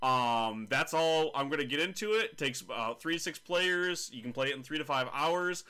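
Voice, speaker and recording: A man's voice: a little high, animated, normal speed, pushed and bright, clear, resonant tone. A man hosting a casual podcast about tabletop games, chatty and jokey, teasing his co-hosts. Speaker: podcast host.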